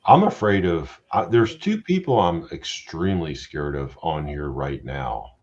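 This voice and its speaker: A man's voice: extremely low pitch, sing-song, measured pace, darkish tone. A middle-aged man hosting a casual live-stream chat, blunt and profane, joking around. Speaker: host.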